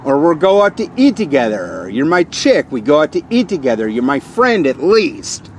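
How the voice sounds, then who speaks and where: A man in his forties ranting angrily to camera, repeating accusations and working himself up into shouted outbursts. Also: fairly high pitch, big pitch swings, moderate pace, a little hiss or hum. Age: 40s. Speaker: vlogger. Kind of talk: angry rant to camera.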